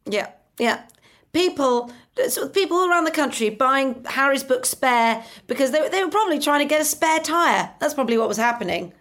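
A woman's voice: high voice, expressive, brisk, fairly bright tone. A woman hosting a comic radio show, brash and mocking, brushing others off.

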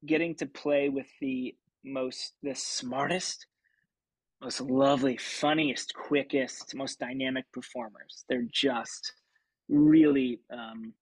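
A man in his thirties from Kansas, a puppeteer telling stories in a casual interview, animated and full of filler words. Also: mid-range voice, unhurried, breathy edge, no echo, rough recording. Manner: animated anecdote-telling, acts out quoted voices, many ums. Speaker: puppeteer and actor, guest.

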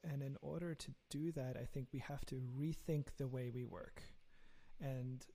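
German-accented male founder, gravelly low-key tone, earnest, repeats himself while thinking. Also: steady tone, moderate pace, dark tone. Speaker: startup founder. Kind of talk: casual interview talk.

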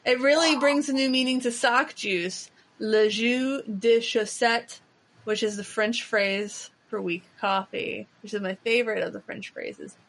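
A woman's voice: medium pitch, moderate pace, gravelly, few pauses, a bit bright. A woman co-hosting a podcast in casual chat, rambling with frequent restarts and fillers. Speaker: podcast co-host.

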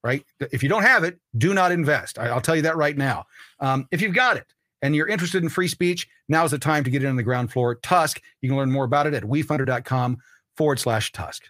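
A man's voice: on the high side, fairly quick, a bit bright, no room sound, studio quality. A man hosting his own podcast, delivering an emphatic political monologue and repeating points for emphasis. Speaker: podcast host.

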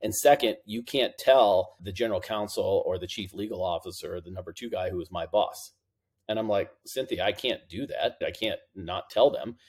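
A middle-aged man speaks in a somewhat low voice as a guest on an interview podcast. He tells his stories in a relaxed, conversational way and acts out the lines he quotes from others. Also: moderate pace, slightly rough. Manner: lively anecdotes, acting out quoted dialogue. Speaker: podcast guest, compliance officer. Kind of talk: casual interview storytelling.

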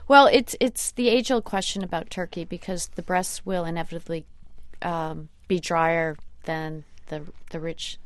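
A woman chef answers callers' cooking questions on a radio show. She speaks thoughtfully and hesitantly, with frequent pauses. The studio sound is dry and close. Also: fairly low pitch, fairly even intonation, dry recording. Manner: thoughtful, hesitant, many fillers and restarts. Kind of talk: radio interview chat.

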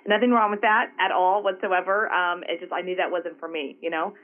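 An entrepreneur from Houston, Texas, with a Southern accent, tells stories animatedly as a guest in a casual interview, chatty and often adding "right?" asides. Her voice is fairly low and a little fast, with narrow, tinny audio.

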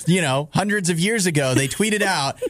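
A man's voice: a little high, moderate pace, a bit bright, no room sound, studio quality. A man hosting a radio show, bantering playfully and teasing his co-hosts. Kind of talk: casual banter.

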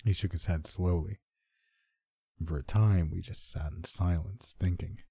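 Deep-voiced man narrating horror. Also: gravelly, slightly rough, no echo, studio quality. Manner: measured, steady storytelling.

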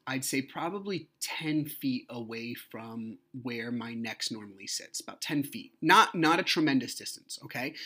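A man's voice: medium pitch, bright, forceful tone. A man hosting his own podcast, telling a personal story in a frank, heated way with plenty of swearing. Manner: frank, profane, heated retelling. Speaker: podcast host.

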